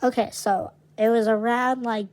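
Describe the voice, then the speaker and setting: A woman's voice: on the high side, fairly even intonation, normal speed, darkish tone, low-quality recording. Young woman co-host, brash and foul-mouthed, dramatic storyteller, casual chat. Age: young adult. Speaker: podcast co-host.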